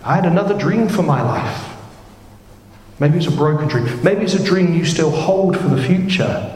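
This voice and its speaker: A man in his thirties preaching a sermon, chatty and jokey, with sudden excited rises. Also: on the high side, normal speed. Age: 30s. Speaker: pastor. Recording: echoey hall, faint room ambience.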